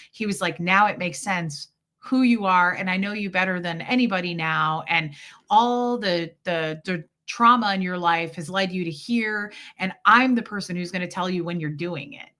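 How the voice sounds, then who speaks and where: Bright-voiced woman chatting on a livestream. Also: on the low side. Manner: candid, expressive storytelling with quoted voices. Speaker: livestream host. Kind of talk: casual chat with live viewers.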